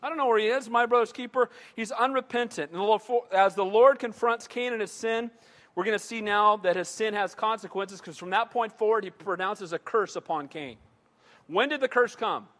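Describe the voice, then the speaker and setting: A male pastor with a notably high voice delivers an emphatic sermon, punctuating points with call-outs to the congregation. His voice rings out with a long reverb from a large church hall. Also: moderate pace, fairly bright tone. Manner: emphatic preaching, frequent call-outs of "Amen?", acting out quoted voices.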